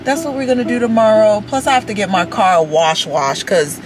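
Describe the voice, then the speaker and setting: A woman's voice: medium pitch, normal speed, over music. A woman chatting casually to her vlog camera from her car. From Florida. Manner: chatty, animated storytelling, calls people baby. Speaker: vlogger. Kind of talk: casual chat to camera while driving. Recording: road noise from the car.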